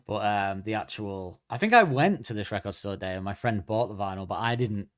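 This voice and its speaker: A man's voice: lowish voice, lively intonation, fairly quick. A man hosting a podcast in casual chat, rambling and joking, often breaking off mid-sentence. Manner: rambling, self-interrupting, jokey. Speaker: podcast host.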